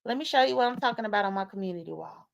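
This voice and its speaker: A woman hosting a casual livestream, commenting on drama and reading viewer comments aloud, animated and talking straight to her audience. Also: mid-range voice, rapid-fire, creaky, poor audio. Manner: animated, talks straight to viewers, rhetorical questions. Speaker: YouTube commentary host.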